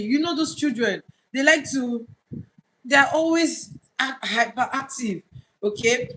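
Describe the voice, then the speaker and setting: A woman's voice: on the high side, fairly bright tone, a little hiss or hum, poor audio. A woman with a Nigerian accent hosting a live stream, earnestly urging new online tutors and repeating points for emphasis. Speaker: online tutor trainer, livestream host. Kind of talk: casual livestream talk.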